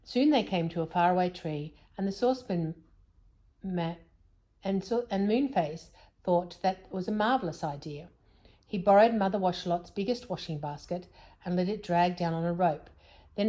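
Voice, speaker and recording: A woman reading a children's story aloud in an expressive, lively way. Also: on the low side, moderate pace.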